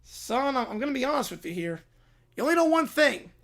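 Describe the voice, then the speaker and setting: A man's voice: extremely high pitch, very animated, a little fast, a bit bright, heavily acted. A man playing a patient old farmer who speaks in a folksy drawl and calls people son.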